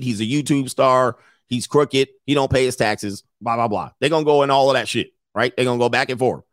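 A middle-aged podcast host gives blunt, profane advice in casual talk, often mimicking others in a raised voice. He has a mid-range voice and a brisk pace, recorded with studio quality and no echo.

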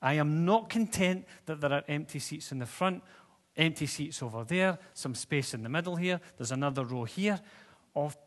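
A man preaching a sermon in a church, talking conversationally and putting questions to the congregation. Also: a little high. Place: church hall with seats. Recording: long reverb of a church hall.

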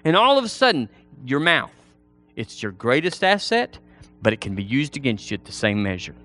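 A man preaching a sermon, folksy and animated, slipping into playful voices for the people he mimics. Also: mid-range voice, moderate pace, soft background music.

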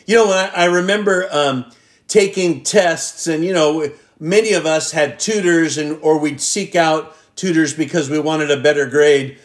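A man preaching a sermon as pastor, reading scripture aloud and stretching key words out with long pauses for emphasis. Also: on the high side. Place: church.

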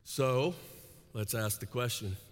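A pastor preaching a sermon in a large church auditorium. He talks with high energy, swings between soaring intensity and hushed asides, and keeps tagging lines with "right?". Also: a little slow. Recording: echoey hall.

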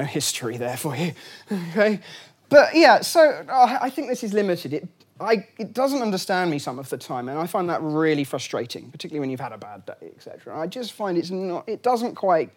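A fairly high-voiced, middle-aged man gives a relaxed lunchtime lecture. He talks in a loose, chatty way, full of ums, restarts and wry asides to the room.

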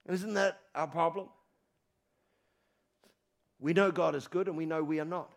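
A man preaching a sermon as pastor, animated and emphatic, repeating phrases for emphasis. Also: on the high side, normal speed, gravelly. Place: church.

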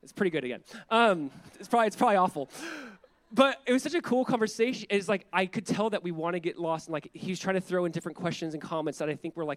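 A male pastor preaching a sermon in a conversational, animated way, full of asides and quick restarts. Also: high voice, dry recording.

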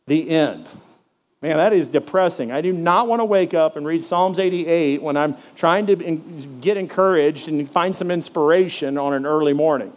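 A man's voice: fairly high pitch, normal speed. A man preaching a sermon who reads scripture aloud and talks conversationally, asking listeners direct questions between verses. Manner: fillers and restarts while reading scripture aloud. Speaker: pastor.

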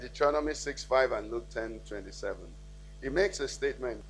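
A man's voice: medium pitch, brisk. A male pastor preaching a sermon in church, often checking in with the congregation. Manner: preaching with call-and-response questions to the congregation.

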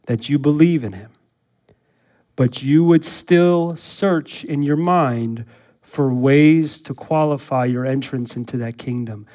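A man preaching a sermon as pastor, his voice sitting a little higher than most men's. He presses points with urgent repetition, then drops to slow, earnest appeals. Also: darkish tone. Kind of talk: expository sermon.

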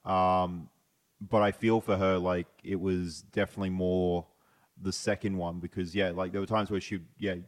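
A man talking as a podcast guest in casual chat, hesitant and halting as he searches for words. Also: low voice, little pitch movement. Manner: hesitant, full of fillers and restarts.

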